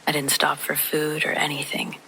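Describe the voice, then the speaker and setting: A narrator whispering a true horror story in a soft, hushed voice, with faint rain behind. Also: mid-range voice, completely flat delivery, moderate pace, creaky, slight background noise, low-quality recording.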